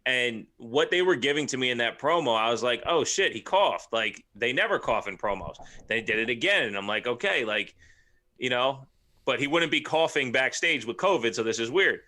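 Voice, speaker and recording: A man's voice: medium pitch, animated, normal speed, pushed and bright. A man co-hosting a casual wrestling podcast, laid-back and rambling, swearing casually. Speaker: podcast co-host.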